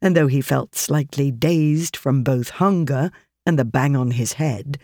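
Audiobook narrator, mid-pitched, steady, dry close recording. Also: unhurried, no echo. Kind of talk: scripted narration.

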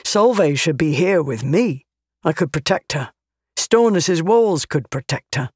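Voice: mid-range voice, lively intonation, unhurried, a little mellow, breathy edge, dry recording, studio quality. A narrator doing a brash young warrior. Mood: agitated. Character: brash young male warrior, eager and restless.

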